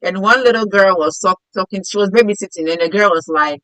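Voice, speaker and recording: A bright, forceful middle-aged woman from Africa hosts a casual interview chat. She is playful and quick to laugh, and sometimes acts out the voices of people in her stories. Her voice is recorded close and dry, with no room echo. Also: mid-range voice. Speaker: host.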